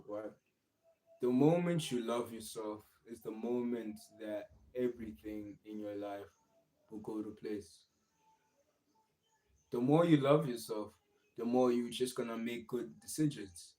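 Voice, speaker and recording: Brief: young male streamer, encouraging and repetitive, mid-pitched, casual motivational talk. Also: mellow, rough recording. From South Africa. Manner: earnest, encouraging, repetitive phrasing. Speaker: livestream host.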